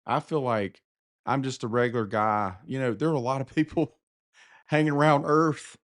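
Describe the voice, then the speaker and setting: A man's voice: mid-range voice, steady tone, normal speed. A man with a Southern US accent co-hosting a casual podcast, talking candidly and with self-deprecating humor. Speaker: podcast co-host. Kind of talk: casual conversation.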